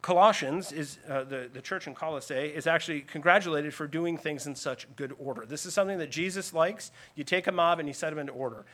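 A man's voice: a little high, fast talker, few pauses, a bit bright. A man preaching a teaching sermon in a slightly raised voice. He explains scripture earnestly, leaning into emphatic lists. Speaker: pastor.

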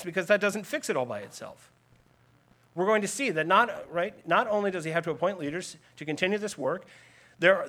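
A man's voice: fairly high pitch, a bit bright. A man preaching a teaching sermon in a slightly raised voice. He explains scripture earnestly, leaning into emphatic lists. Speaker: pastor.

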